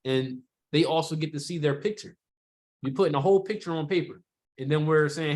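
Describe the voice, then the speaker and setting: A man with a somewhat high voice leads a sales training session. His delivery is loose and chatty, full of "you know" and quick rhetorical check-ins with the group. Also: darkish tone. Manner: conversational, rhetorical questions, many "you know" fillers. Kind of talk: casual sales training talk.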